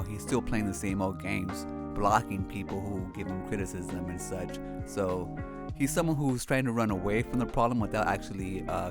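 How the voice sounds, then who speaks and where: A male host giving measured, opinionated commentary on community drama. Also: fairly low pitch. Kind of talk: commentary narration. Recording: guitar music playing behind.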